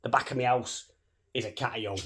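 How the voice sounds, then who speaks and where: A man in his thirties talking fast and cheekily to camera in a casual vlog, swearing freely. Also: mid-range voice, fairly even intonation, fairly bright tone. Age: 30s. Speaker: vlogger.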